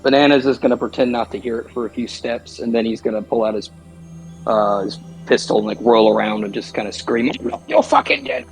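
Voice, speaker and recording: A man's voice: fairly low pitch, little pitch movement, a little fast, darkish tone, faint music behind, rough recording. A man casually describing his character's actions as a player in a tabletop game. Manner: casual, hesitant.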